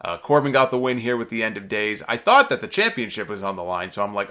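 A man's voice: on the low side, animated, fast talker, hardly any pauses, sharp tone. A man hosting a podcast, giving a casual, opinionated recap in a chatty way with frequent fillers. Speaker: wrestling recap podcast host.

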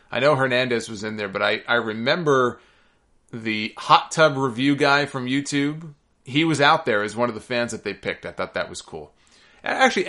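A man talks through a wrestling recap and mailbag like a casual podcast host. His voice is bright and forceful at a middling pitch, and he rambles with fillers and quick asides.

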